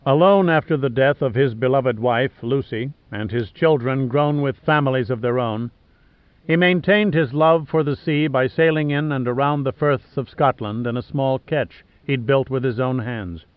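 A man narrating an audiobook in a measured, even storytelling manner. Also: mid-range voice, no echo. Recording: dull, dry studio recording.

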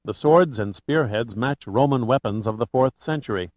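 A man's voice: mid-range voice, moderate pace, no room sound, natural voice. A man voicing a studious woman expert who speaks carefully, in a dull lo-fi recording.

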